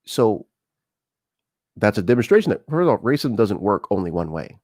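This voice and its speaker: A man's voice: on the low side, big pitch swings, normal speed, darkish tone, dry recording, studio quality. An American man hosting a live-streamed talk show, telling personal stories in a conversational way with frequent fillers and restarts. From United States. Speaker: show host.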